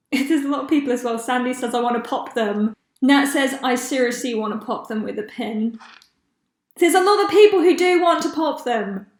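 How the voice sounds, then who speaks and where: Young woman, podcast host, high-pitched and chatty, recorded in an echoey room. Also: moderate pace. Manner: chatty, laughs often, loses track of names. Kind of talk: casual chat.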